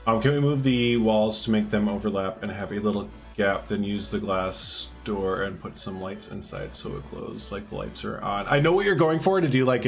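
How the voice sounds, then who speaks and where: A man streaming live, chatting casually with viewers as he builds, rambling and laughing often while answering their messages. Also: fairly low pitch.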